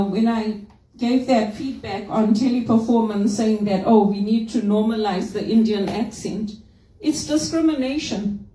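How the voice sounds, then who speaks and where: A middle-aged Zimbabwean woman, with an accent often taken for British, speaks to a group with emphatic, outspoken conviction and a string of rhetorical questions. Her voice is fairly high but mellow. It is picked up from across a roomy space. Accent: Zimbabwean, often heard as British. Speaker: HR professional. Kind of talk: personal talk to a group. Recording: roomy, distant mic.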